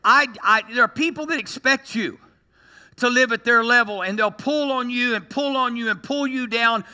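High, very bright-voiced male preacher. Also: normal speed, clean tone, long reverb tail. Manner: animated preaching with joking asides. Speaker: pastor. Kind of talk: sermon.

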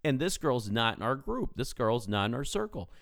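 A man's voice: mid-range voice, big pitch swings, normal speed, gravelly, a bit bright, no room sound. A man in his thirties, a podcast co-host, telling a story in casual chat and animatedly acting out the people in it. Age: 30s.

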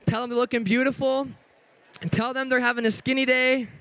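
A young man with a notably high voice delivers a church sermon as a youth pastor. He is bubbly and hyper, cracking jokes with the congregation and working to keep his pace in check. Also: little pitch movement, fairly bright tone. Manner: hyper, upbeat and joking, trying to slow down. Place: church sanctuary.

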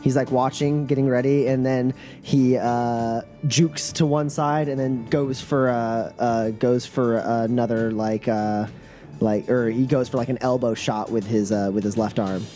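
Halting man narrating a tabletop game. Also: medium pitch, fairly even intonation, dark tone, soft background music. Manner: halting, filler-heavy narration. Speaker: game master.

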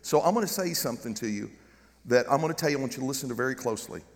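A man's voice: medium pitch, racing, in a large hall. A middle-aged man with a Southern American accent, preaching a humorous sermon as a guest pastor and calling for amens. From United States. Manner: joking, animated preaching with calls of amen. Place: large church with balcony.

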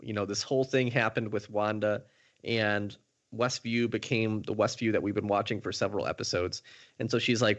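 A man with a low voice co-hosts a podcast. He recaps a show step by step, casual and methodical with plenty of fillers. His audio sounds dull and muffled. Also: fairly even intonation, normal speed. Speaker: podcast co-host. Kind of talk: casual chat, recapping an episode.

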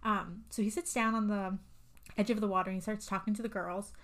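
A woman's voice: mid-range voice, steady tone, fairly quick. Rambling woman recapping a film. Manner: rambling, full of "um" and "like". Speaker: podcast co-host. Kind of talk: casual chat, recapping a film.

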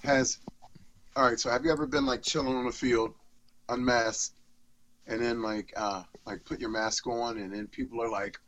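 A man's voice: mid-range voice, steady tone, normal speed, fairly bright tone, rough recording. A man in casual chat, throwing in teasing asides.

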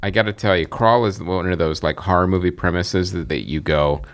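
A man's voice: low voice, fairly quick. A man co-hosting a movie podcast, chatting casually and laughing often. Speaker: podcast co-host.

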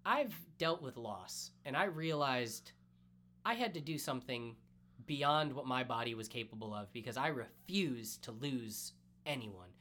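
A man co-hosting a podcast, excitedly retelling a story in casual chat and swearing freely. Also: mid-range voice, unhurried. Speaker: podcast co-host. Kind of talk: casual anime recap chat.

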